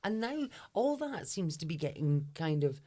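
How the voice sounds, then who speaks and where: A woman co-hosting a podcast in casual chat, talking expressively and quick to laugh and agree. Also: low voice, sing-song, warm tone. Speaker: podcast co-host.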